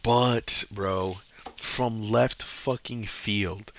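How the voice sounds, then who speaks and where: A man's voice: lowish voice, a little slow, pushed and bright, highs cut off. A man hosting a casual comic book review, talking loosely and swearing often. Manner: loose and profane, keeps saying "bro".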